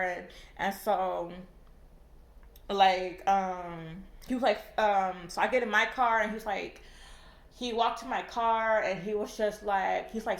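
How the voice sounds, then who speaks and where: Young woman, casual storytime, rambling, swears a lot, mid-pitched voice, echoey room. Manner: rambling, heavy swearing, filler-laden. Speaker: vlogger.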